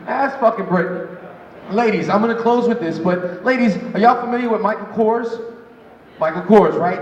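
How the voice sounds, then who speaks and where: A man's voice: sits high, lively intonation, fairly quick. A man from New York doing a crude stand-up comedy set at a bar, laughing at his own jokes. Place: bar stage with live audience. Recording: roomy, distant, muffled bar recording with noise.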